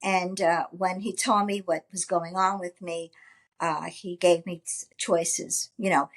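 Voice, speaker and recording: A woman's voice: lowish voice, a little slow. Agreeable woman chatting on a podcast, backs up her co-host. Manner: agreeable, gives steady backing replies. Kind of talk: casual chat.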